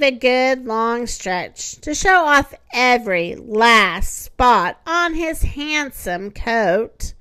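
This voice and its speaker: A woman reading a children's storybook aloud in a gentle, expressive way. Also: fairly high pitch, slow pace, few pauses, smooth, no echo.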